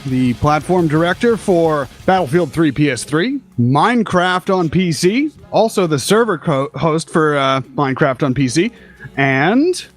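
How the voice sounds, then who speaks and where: Male podcast co-host, casual banter, high lively delivery. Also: a little slow, faint music behind.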